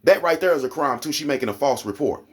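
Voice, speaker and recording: A man with an Oklahoma accent ranting angrily to camera, profane and heated, his voice climbing into high indignant peaks. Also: lively intonation, fast talker, breathy edge. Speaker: vlogger. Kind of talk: angry rant to camera.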